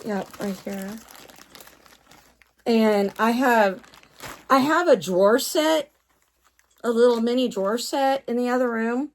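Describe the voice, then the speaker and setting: A woman vlogging casually while sorting her doll collection, awed and repeating her exclamations, with many fillers, hot and sweaty from working. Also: a little high.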